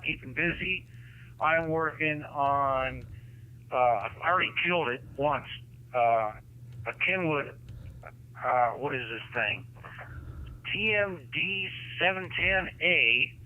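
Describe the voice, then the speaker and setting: A man's voice: on the high side, takes it slowly. A man checking in on an amateur radio net, easygoing and full of fillers. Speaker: ham radio caller. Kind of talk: on-air radio check-in chat. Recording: narrow radio transmission.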